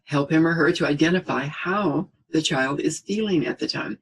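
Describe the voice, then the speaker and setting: A middle-aged man giving a spoken parenting lesson in a calm, reassuring way, often checking in with "okay?" and acting out what a parent would say. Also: a little high, moderate pace, gravelly, slight background noise, low-quality recording. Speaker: parenting teacher.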